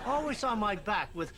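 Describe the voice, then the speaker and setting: A fussy starship engineer whines in a very high, slow, drawn-out voice in a sitcom. The sound comes through noisy broadcast audio. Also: male voice, full character voice. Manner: whiny, complaining.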